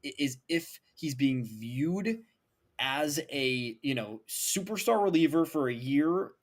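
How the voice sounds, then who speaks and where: A young man co-hosting a casual sports podcast, emphatic and animated, leaning on "like" and "right?". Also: medium pitch, slow pace. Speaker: podcast co-host.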